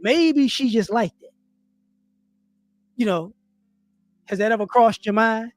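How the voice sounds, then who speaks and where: A man's voice: high-pitched, slow, soft background music. A man ranting on a livestream, stressing his points, repeating words, and now and then slipping into mocking voices. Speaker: livestream commentator. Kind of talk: opinionated livestream rant. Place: home livestream setup.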